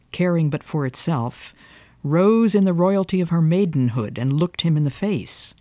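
A man narrating an audiobook with a voice that sits a little high, yet mellow and dark in tone. He reads with earnest, preaching drama, leaning into stern rhetorical questions. The recording is close and dry, with no room sound. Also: no room sound. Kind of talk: scripted narration of a novel.

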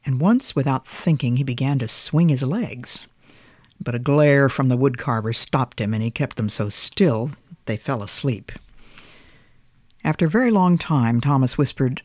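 A storyteller reading a picture book aloud in a gentle, expressive way. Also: mid-range voice, measured pace, dry recording.

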